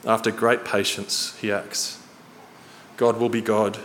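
A man preaching a sermon in a church hall, earnest and storytelling, slowing and quickening for emphasis. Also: lowish voice, flat delivery, fairly bright tone. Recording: reverberant hall, faint noise.

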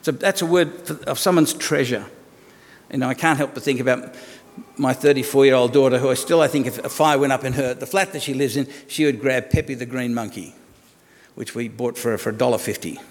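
A man's voice: mid-range voice, fairly quick, big-room sound. A man, preaching a sermon in a conversational way and asking the congregation rhetorical questions. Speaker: pastor.

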